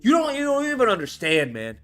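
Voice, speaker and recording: A man hosting a commentary channel, giving a blunt, profane, animated monologue. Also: extremely high pitch, fairly quick, faint music behind.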